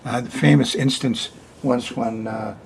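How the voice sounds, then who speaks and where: A man's voice: medium pitch, fairly even intonation, moderate pace, vocal fry, slight background noise. An older man hosting an astrology forecast in a chatty, folksy way, laughing often between points. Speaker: astrologer hosting a weekly sky report. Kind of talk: casual spoken forecast.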